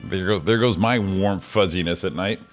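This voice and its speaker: A man's voice: low voice, moderate pace, soft background music. A man co-hosting a casual morning show, joking, laughing often and swearing casually. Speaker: co-host.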